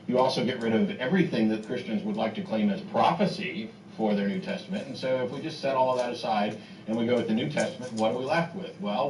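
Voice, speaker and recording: A man's voice: on the low side, darkish tone. A man hosting a call-in show, talking bluntly and dismissively about scripture arguments. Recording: roomy distant mic with noise.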